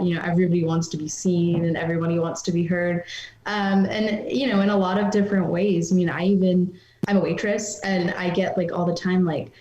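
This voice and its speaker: A woman guest on a podcast, chatty, loud and clearly enunciated. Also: lowish voice, roomy sound, muffled recording. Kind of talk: casual podcast discussion.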